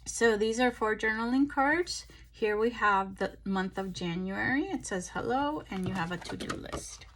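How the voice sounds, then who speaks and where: A tired woman chatting casually through a craft haul, relaxed and full of ums and pauses, recorded on a phone. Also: medium pitch, background noise. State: tired, yawning. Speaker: craft vlogger. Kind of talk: casual show-and-tell chat.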